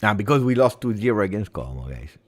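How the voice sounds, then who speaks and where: A man hosting a live football watch-along, talking through the match and going from low muttering to excited shouting. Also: fast talker. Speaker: host.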